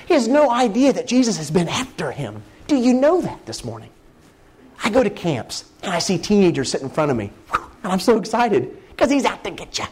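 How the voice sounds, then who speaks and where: A middle-aged man preaching a sermon, animated and exclaiming, acting out the scenes he describes. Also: fairly high pitch, husky.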